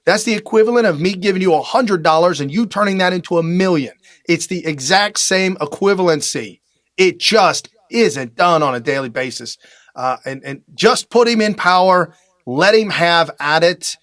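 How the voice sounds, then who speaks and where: An energetic man from the United States hosting a talk show, giving emphatic political commentary with repeated phrases and frequent filler uhs. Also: sits high, normal speed, dry recording.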